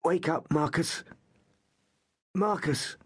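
A man voicing a bold, quick-witted teenage Roman boy in an audiobook reading, in a raised, urgent voice. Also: a little high, pitched above the performer's own voice, lightly acted. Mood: pleading.

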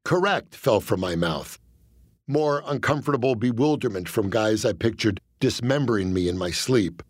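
A male comedian narrates his own memoir as a comic audiobook, deadpan and self-deprecating, in a lowish voice at normal speed. It's recorded on a close studio mic with no room sound.

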